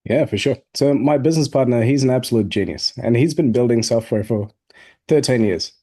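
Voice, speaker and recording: A man being interviewed as a guest entrepreneur, telling stories in an animated way and acting out both sides of past conversations. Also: medium pitch, a little fast. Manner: animated storyteller, acts out both sides of dialogues. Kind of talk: storytelling in an interview.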